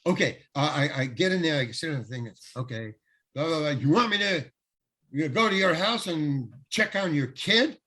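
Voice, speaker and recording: An older man, a guest actor, telling a lively anecdote in an interview, acting out the quotes and laughing often. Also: on the high side, normal speed, husky. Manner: animated storyteller, acts out quotes, laughs often. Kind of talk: storytelling in an interview.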